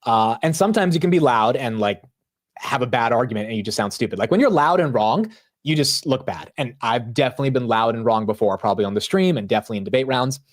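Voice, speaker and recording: A man hosting a live market stream, talking loudly and animatedly in casual commentary, often poking fun at himself. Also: medium pitch, quick pace. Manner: loud, animated, self-mocking. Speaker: livestream market show host.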